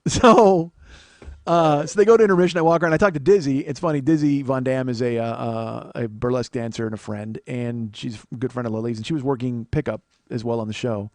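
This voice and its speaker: A man's voice: mid-range voice, brisk, no room sound. A man in his forties hosting a comedy podcast, telling long rambling stories with plenty of swearing and self-mocking asides. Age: 40s. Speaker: podcast host. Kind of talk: comedic storytelling monologue.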